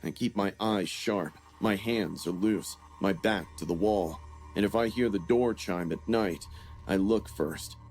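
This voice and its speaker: Guy with a lowish voice reading a scary true story, steady and grim. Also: unhurried, faint music behind. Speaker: story narrator. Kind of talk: scripted first-person horror narration.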